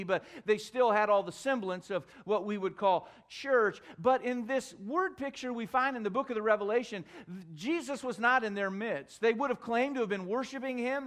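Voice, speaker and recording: A man with a notably high voice preaching from the pulpit. He tells a homely story, then drives his points home with emphatic repetition. Middle-aged, a pastor in full sermon mode. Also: fairly bright tone.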